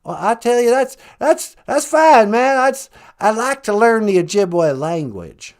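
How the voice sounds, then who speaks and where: A man's voice: sits high, expressive, unhurried. A man putting on a folksy, drawling, laid-back ex-president rancher in a comedic podcast chat.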